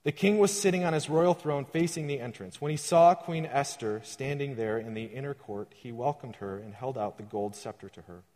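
A man's voice: mid-range voice, darkish tone. A man reading scripture aloud and explaining it casually as a sermon, with restarts and everyday comparisons. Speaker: preacher. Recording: long hall reverb.

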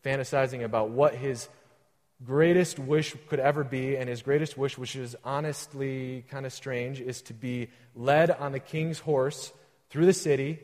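A man's voice: mid-range voice, steady tone, a little slow, a little mellow. Man preaching in a reverberant hall. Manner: casual explaining with restarts and modern comparisons. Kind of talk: sermon with scripture reading.

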